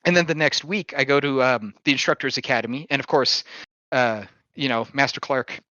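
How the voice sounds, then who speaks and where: A man hosting a podcast, casually telling a story, lively, swearing freely and chuckling as he goes. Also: mid-range voice, fairly quick, dry recording, dull audio.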